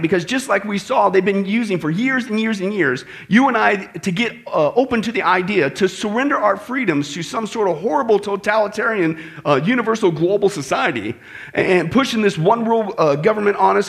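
A man preaching a sermon, animated, acting out the voices he quotes. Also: high voice, vocal fry. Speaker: pastor.

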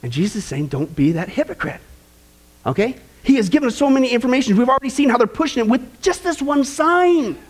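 Give me a man preaching a sermon with lots of energy, high-pitched and full of swings in pitch. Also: fast, hardly any pauses. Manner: animated, acts out quoted voices.

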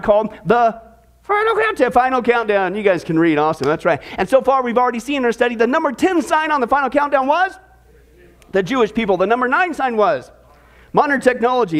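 High-voiced joking pastor. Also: male voice. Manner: joking, chatty, lively. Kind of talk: sermon.

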